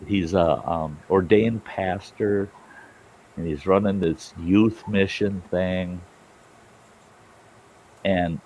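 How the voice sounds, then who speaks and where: Deep-voiced folksy storytelling man. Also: a little mellow, slight background noise, low-quality recording. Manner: folksy, rambling, salty-tongued. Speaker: storytelling show host. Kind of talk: casual spoken storytelling.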